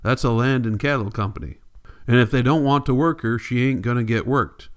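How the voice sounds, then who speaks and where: A man's voice: medium pitch, fairly quick, clear, resonant tone, natural voice. A man reading the part of a weary, bitter migrant farmer father in blunt rural folk speech, for an audiobook.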